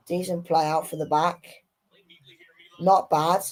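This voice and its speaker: A woman's voice: low voice, fairly even intonation, a little slow, long pauses, a little mellow, low-quality recording. A woman giving a live football watchalong, exasperated and swearing as she talks to herself about the match. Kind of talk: live match reaction commentary.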